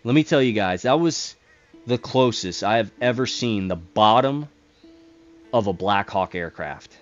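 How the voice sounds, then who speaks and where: A man with a lowish voice tells a long story to his gaming audience, stumbling over and repeating words as he goes. He acts out the radio calls and swears when the tension rises. The recording is dull and somewhat lo-fi. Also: expressive, measured pace. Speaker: gaming channel host telling a story. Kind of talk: casual storytelling over gameplay.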